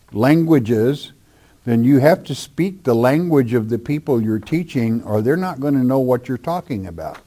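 Male pastor, warm dark tone, blunt and plain-spoken, Bible Q&A. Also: mid-range voice. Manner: blunt, plain-spoken, slow emphatic spelling out. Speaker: pastor answering listener questions. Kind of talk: Bible question-and-answer teaching.

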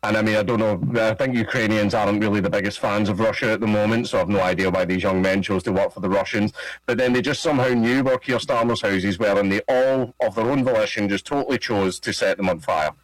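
A Scottish man with a lowish voice, chatting as a comedy guest in a sardonic, deadpan way. He often laughs at his own jokes, and his voice sits dry and close on the mic. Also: fast, no room sound, low-quality recording. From Scotland. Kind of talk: casual interview chat.

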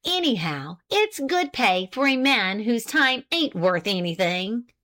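A woman's voice: fairly high pitch, sing-song, a little slow, fairly bright tone, voice pushed up, exaggerated voice. A woman voicing a thin, shrewish country wife who scolds her husband in a rustic dialect. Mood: tart.

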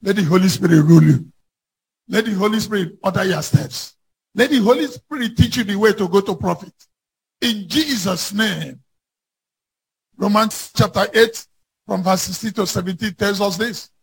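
High, gravelly-voiced male preacher. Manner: emphatic preaching, slow stressed phrases building to shouts. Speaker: pastor. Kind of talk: sermon.

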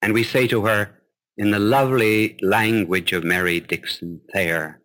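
A male preacher with a lowish, bright voice that speaks very slowly. His pitch rises and falls widely as he tells the story with gentle humor and a storyteller's pauses. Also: fairly even intonation. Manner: storytelling with gentle humor, then tender recitation. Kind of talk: sermon.

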